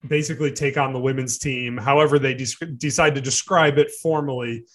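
A man's voice: medium pitch, fairly even intonation, a little fast, a bit bright. A man who is an editor and regular on a podcast, talking through news at length and teasing his co-host. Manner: teasing, talks through ideas with fillers. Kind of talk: casual podcast discussion.

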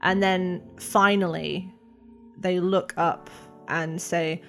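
A woman running a tabletop role-play as game master, describing scenes in a measured way and asking the players what they do. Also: on the low side, little pitch movement, soft background music.

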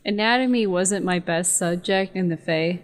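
A woman playing a tabletop game in a playful, animated way. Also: fairly low pitch, normal speed. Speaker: player. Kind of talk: casual tabletop role-play.

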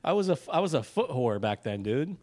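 A man's voice: medium pitch, sing-song, fairly quick, a little mellow. A man co-hosting a podcast, telling rambling stories in casual chat and acting out the dialogue. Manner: rambling storyteller, acts out dialogue. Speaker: podcast co-host.

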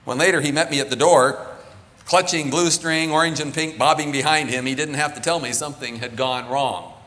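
A man's voice: fairly high pitch, a little fast, a bit bright. A man preaching a sermon from the pulpit, earnest, his delivery swelling and falling. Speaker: pastor. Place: church sanctuary. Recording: long reverb of a large church.

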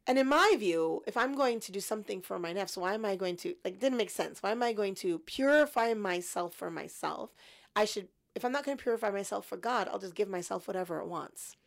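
A woman in her fifties recounting her story as an interview guest, reflective and lively when quoting her past thoughts. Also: mid-range voice, brisk, vocal fry. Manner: reflective, animated in quoted thoughts.

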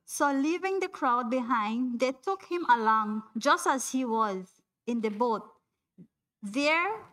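A woman preaches to her congregation in a high, unhurried voice. She talks casually, often laughs, and turns to people in the pews by name. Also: a bit bright. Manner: chatty, laughs often, calls on listeners by name. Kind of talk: informal sermon to a congregation.

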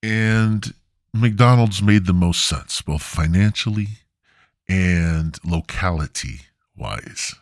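A man's voice: deep voice, slow, no echo, studio quality. A man hosting a podcast, telling a rambling, profane story in a laid-back, casual way. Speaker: podcast host.

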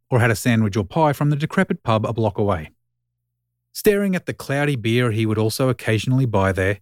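A man reading a short story aloud in scripted narration, with an even, wry storytelling manner. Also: mid-range voice, no room sound, clean studio sound.

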